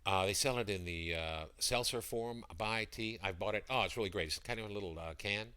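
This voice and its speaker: A man hosts a loose livestream from his computer mic, chatting and pitching his products between greetings to viewers. His voice is deep yet bright and clear, with a rambling, friendly flow. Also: fairly quick. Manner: rambling, greets chat viewers by name, breaks into sung jingles. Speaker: livestream seller. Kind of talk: casual livestream chat.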